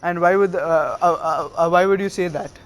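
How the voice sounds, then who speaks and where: Smug teen ninja boy, cocky and halting, fairly high voice, read by a man. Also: fairly even intonation, close to an everyday voice. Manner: halting, filler-heavy delivery.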